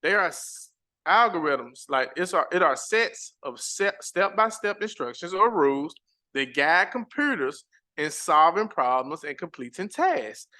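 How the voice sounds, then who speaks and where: A man with a bright, somewhat high voice teaches a live-stream lesson. He reads his slides aloud, chats casually with viewers and repeats the important points with emphasis. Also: very animated, a little slow. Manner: casual, chatty asides to the audience. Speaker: credit repair educator.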